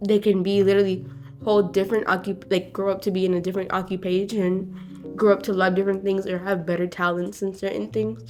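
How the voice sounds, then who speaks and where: A woman co-hosting a podcast with her sister, chatting in an animated, slangy way on a close mic. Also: medium pitch, a little fast, soft background music. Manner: animated and slangy, heavy on filler 'like', acts out voices. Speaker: podcast co-host, younger sister. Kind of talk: casual chat. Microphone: close studio mic.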